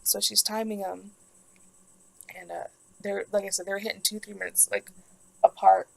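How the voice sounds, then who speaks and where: Young woman with heavy vocal fry. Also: medium pitch, level tone, normal speed, rough recording. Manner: rambling, emotional, heavy use of "like". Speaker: vlogger. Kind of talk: personal storytelling.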